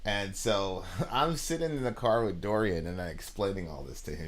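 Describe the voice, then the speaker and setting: Low-voiced man in animated chat. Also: moderate pace, hardly any pauses. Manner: animated, repeats words when excited. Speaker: podcast co-host. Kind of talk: casual conversation.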